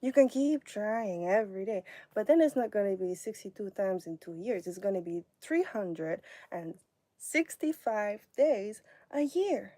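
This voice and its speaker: A woman's voice: medium pitch, animated, measured pace, dark tone, dry recording. A woman talking to viewers on a live stream, mocking and sarcastic, sometimes dropping to a whisper. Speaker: livestreamer.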